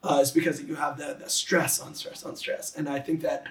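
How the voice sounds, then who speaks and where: A man who teaches high school English, explaining poetic meter enthusiastically and tapping out rhythms with his voice. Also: flat delivery, normal speed, a bit bright, echoey room, recorded from a distance. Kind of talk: conversational explanation, reading a poem aloud.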